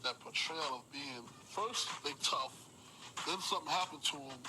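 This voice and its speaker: A man's voice: on the high side, moderate pace. A man talking in a laid-back, drawling way and chuckling between remarks, in a played clip. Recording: loud background noise. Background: loud noise.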